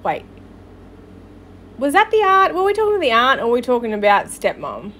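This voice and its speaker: A woman's voice: fairly high pitch, huge pitch swings, fairly quick, a bit bright. A woman hosting a podcast, reading posts aloud and breaking off into sarcastic, swearing asides with frequent laughter. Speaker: podcast host.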